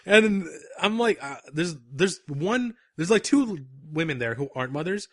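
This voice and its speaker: Animated young man telling a story. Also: a little high, moderate pace, dry recording, clean studio sound. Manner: animated storyteller, laughs often at his own story. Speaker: podcast co-host. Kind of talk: casual anecdote telling.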